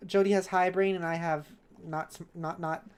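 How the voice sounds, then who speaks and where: A woman's voice: on the low side, fairly even intonation, moderate pace, a little mellow, clear, resonant tone. A woman streamer in casual live chat while gaming, reading viewers' messages aloud and answering them kindly. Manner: chatty and self-correcting, with laughs.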